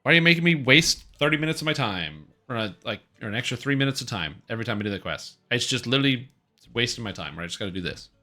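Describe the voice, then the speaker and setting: A man's voice: mid-range voice, animated, fast, sharp tone, soft background music. A man streaming a video game, chatting casually in a rambling, offhand and opinionated way. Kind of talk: casual live-stream commentary.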